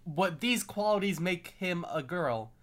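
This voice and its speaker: A man's voice: high-pitched, animated, measured pace, a bit bright. A young man chatting casually with friends, rambling with many fillers. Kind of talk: casual podcast chat.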